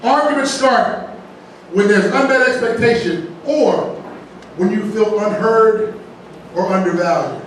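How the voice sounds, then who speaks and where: A man with a high voice preaches a folksy sermon as pastor, speaking a little slowly with long pauses, weaving jokes into the teaching and often asking "right?". He's in a large church sanctuary, picked up by a distant mic with heavy echo and faint noise.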